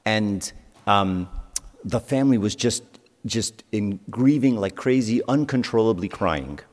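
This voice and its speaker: A man preaches to a youth group in a church hall, telling stories in a loose, conversational way. His voice sits on the low side. He often stops to put questions to the room, and long reverb from the hall trails each phrase. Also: expressive, a little slow. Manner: conversational storytelling, asks the audience questions. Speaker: youth speaker. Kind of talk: sermon.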